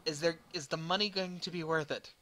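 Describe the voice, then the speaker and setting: A man's voice: on the high side, steady tone, fairly quick, pushed and bright. A man playing a grumpy, reluctant male pilot who grumbles and answers with sarcasm in a tabletop game. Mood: grumbling.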